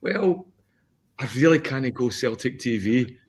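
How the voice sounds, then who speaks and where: A man on a podcast, ranting in an animated, complaining way during casual chat. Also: mid-range voice, a little slow, slightly rough. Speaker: podcast co-host.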